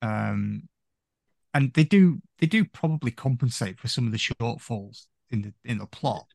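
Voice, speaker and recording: A man's voice: medium pitch, expressive, moderate pace, vocal fry, a little mellow, dry recording, studio quality. A man guest on a podcast, chatting casually about a film in a rambling way, full of "you know".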